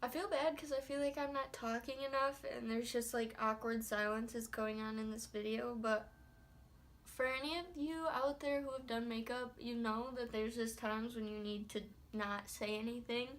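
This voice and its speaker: A woman's voice: on the high side, fairly even intonation, moderate pace. Chatty young woman, faint country twang. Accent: put-on country accent. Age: young adult. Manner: chatty, self-talking, with mild exclamations. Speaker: beauty vlogger. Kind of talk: casual makeup tutorial chat. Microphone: phone camera.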